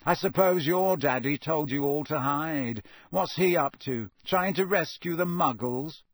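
A man voicing a sneering, mocking teenage boy who drawls his lines slowly. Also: on the high side, dry recording, clean studio sound, close to an everyday voice. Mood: drawling sneer.

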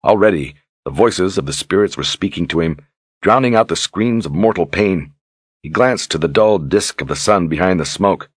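A man reading a fantasy novel aloud in steady, measured scripted narration. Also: deep voice, breathy edge, no echo. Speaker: audiobook narrator.

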